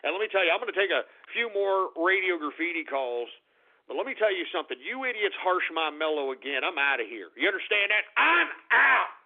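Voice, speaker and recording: Man, call-in radio host, high-pitched, gravelly, profane ranting, tinny phone-like sound. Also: sing-song, a little fast.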